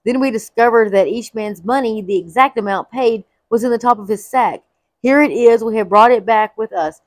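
A woman's voice: on the high side, normal speed, no echo, natural voice, low-quality recording. A woman voicing a group of frightened grown brothers who speak anxiously and explain themselves, as she reads a Bible story aloud.

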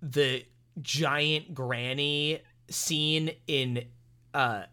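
A man with a bright, somewhat high voice talks through a horror film's plot in casual podcast chat. He rambles animatedly, stumbling over restarts and fillers as he goes. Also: steady tone, drawn-out words. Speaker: podcast co-host. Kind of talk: casual film review chat.

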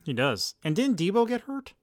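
A man's voice: high voice, very animated, moderate pace, no room sound. Laughing male co-host, dry close sound. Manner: laughs often, wry jokes. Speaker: podcast co-host. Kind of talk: casual sports chat.

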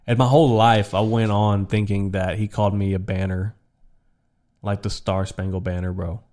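A man speaking as a guest on a casual podcast, relaxed as he tells a story. His voice sits a bit low for a man. He peppers his talk with "bro" and "dude". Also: moderate pace. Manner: laid-back, says "bro" and "dude" a lot.

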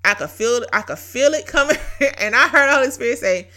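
A woman hosting a casual devotional talk, telling a story in an animated way with frequent laughter and emphatic repetition. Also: high-pitched, fairly quick. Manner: emphatic, repeats key phrases. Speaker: podcast host.

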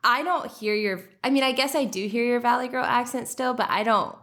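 A woman's voice: on the high side, fairly quick, fairly bright tone. A young woman hosting a faith podcast in casual, upbeat chat. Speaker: podcast host.

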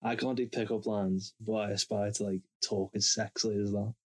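Low-voiced sweary rambling guest. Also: male voice, level tone, fairly quick, husky. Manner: rambling, sweary, laughing, restarts often. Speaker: podcast guest. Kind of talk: casual banter. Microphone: headphone microphone.

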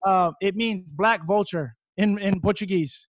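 A young man from Hawaii with a high, light voice, talking through his fighting story in a casual interview. He rambles and gets excitable, sometimes breaking into loud shouts. The recording is close and dry, with no room sound. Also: unhurried, no room sound.

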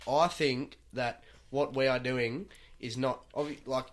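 A man's voice: medium pitch, fairly even intonation, a little slow, slight background noise. A young Australian man co-hosting a podcast from a shed, talking bluntly with plenty of swearing. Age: young adult. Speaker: podcast co-host. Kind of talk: casual chat.

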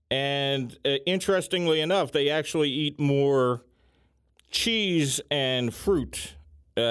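A man chats casually like a host, his voice sitting slightly high. He punches key words with lively emphasis between filler ums. The sound is dry and close, with no room around it. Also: smooth, no room sound. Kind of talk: casual chat.

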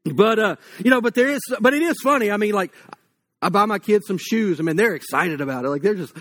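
A man's voice: high voice, expressive, quick pace, a bit bright. A man, giving a casual, story-filled sermon full of fillers. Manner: casual and anecdotal, many fillers like "like" and "you know". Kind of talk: conversational sermon.

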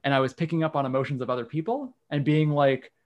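A man's voice: on the high side, fairly even intonation, fast, highs cut off. A man, candidly telling a personal story in casual conversation. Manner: candid, frank, occasional swearing. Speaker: guest.

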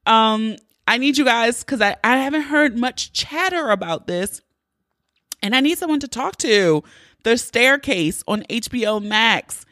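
A woman's voice: fairly high pitch, lively intonation, measured pace, a bit bright, dry recording, studio quality. A woman hosting her podcast, talking casually and candidly, with plenty of cursing. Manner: candid, profane, chatty. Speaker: podcast host. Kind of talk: casual solo podcast intro.

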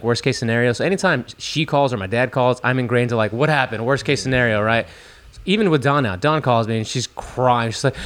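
A man with a mid-range, fairly bright voice co-hosts a podcast in a casual chat. He earnestly tells stories and gives advice.

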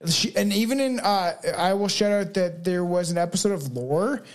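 A man's voice: high voice, normal speed. A Canadian man chats casually as a podcast co-host while telling a story. He swears freely and keeps breaking into laughter. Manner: laughs often, swears, jokey.

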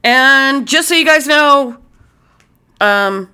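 A woman's voice: high voice, animated, takes it slowly, pushed and bright. A woman from Utah co-hosting a podcast in casual chat, blunt and profane, acting out her own reactions. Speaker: podcast co-host.

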